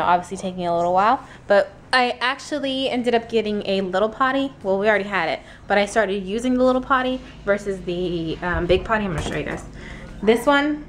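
A young woman vlogging casually, chatting and playing with her toddler in a sing-song way. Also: medium pitch. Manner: chatty, playful baby talk with her toddler. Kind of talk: casual family vlog.

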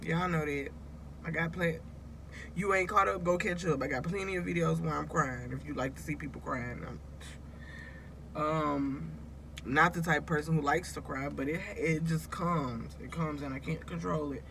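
Gravelly-voiced emotional woman vlogger. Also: sits low, normal speed, fairly bright tone, a little hiss or hum. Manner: rambling, confiding, talks straight to viewers. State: emotional, close to tears. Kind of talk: casual confessional vlog.

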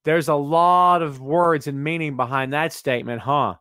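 A chatty man hosts a live wrestling show, his voice pitched a little high and recorded close and dry with no room sound. He talks to viewers by name, makes sarcastic asides and hums under his breath while he fiddles with settings. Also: unhurried, few pauses, pushed and bright, clean tone, no echo. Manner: chatty, sarcastic, reads chat aloud. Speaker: wrestling podcast host. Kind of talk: live-streamed casual commentary.

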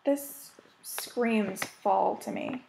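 A woman's voice: medium pitch, extremely slow, vocal fry, mellow, slight background noise. An American woman chatting casually as she shows her cross-stitch projects, rambling and gushing over them. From United States. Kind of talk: casual show-and-tell chat.

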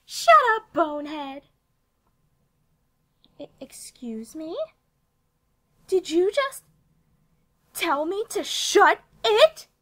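A woman's voice: extremely high pitch, a bit bright, voice pushed up, exaggerated voice. A woman voicing a snobbish, bratty popular girl who sneers and mocks, for a cartoon voice acting demo. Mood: indignant. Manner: sneering, mocking.

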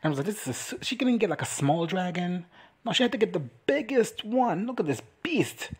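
Sassy husky-voiced man doing a recap. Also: high voice, lively intonation. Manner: sassy, campy, swears freely, acts out characters in quick quoted lines. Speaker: reaction recap vlogger. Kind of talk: crude comedic recap commentary.

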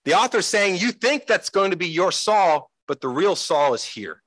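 A pastor, a man, preaching a sermon in an animated way, acting out the voices he quotes. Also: high-pitched, normal speed, dry recording, low-quality recording. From United States.

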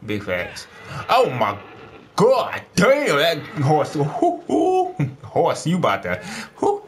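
Over slight background noise, a man with a medium-pitched voice speaks a little slowly as a gaming streamer doing let's play commentary. He gets animated, exclaims, and addresses the game characters directly.

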